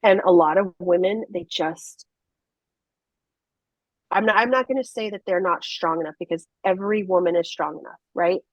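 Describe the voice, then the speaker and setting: A woman's voice: fairly low pitch, normal speed, no echo, lo-fi sound. A middle-aged woman telling her story as a podcast guest, earnest and emphatic, with many restarts. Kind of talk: candid conversational storytelling.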